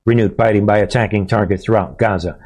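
A man's voice: lowish voice, steady tone, quick pace, darkish tone. A man hosting his own channel, talking straight to his viewers in a casual monologue, punchy and emphatic, with catchphrases and frequent restarts. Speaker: host of a political commentary channel.

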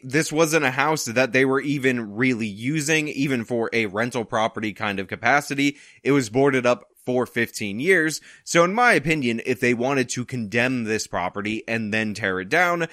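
A male channel host who reacts to the news with exasperation and sarcasm. His voice is bright and forceful. It is recorded dry, with no room sound, in his apartment. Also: medium pitch, dry recording. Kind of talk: commentary on a news story.

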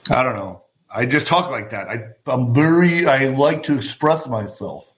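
A man hosting his own political commentary vlog, talking in an animated, profane way and gesturing with his hands as he goes. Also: medium pitch, measured pace, hardly any pauses. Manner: former boxer. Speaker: show host.

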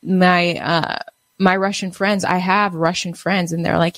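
A woman giving casual news commentary, halting and full of fillers and restarts. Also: on the low side, flat delivery, a bit bright, dry recording. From United States.

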